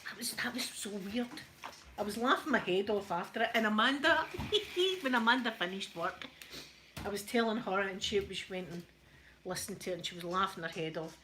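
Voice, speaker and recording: A woman's voice: mid-range voice, fairly quick, bright, forceful tone, a little hiss or hum, low-quality recording. A Scottish woman chatting casually while she irons, hosting her stream and laughing often. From Scotland. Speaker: live-stream host. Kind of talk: casual chat while ironing.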